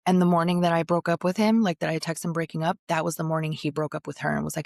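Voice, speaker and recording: A woman in her thirties telling a story in casual chat, animated, blunt and profane, acting out what others said. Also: fairly low pitch, a little fast, creaky, few pauses, no echo, clean studio sound. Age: 30s.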